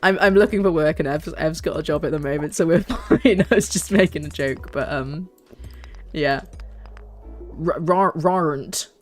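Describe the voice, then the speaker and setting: A woman's voice: low-pitched, moderate pace, soft background music. A young woman, streaming a game and chatting casually in a rambling way, full of fillers. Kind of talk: casual gaming stream chat.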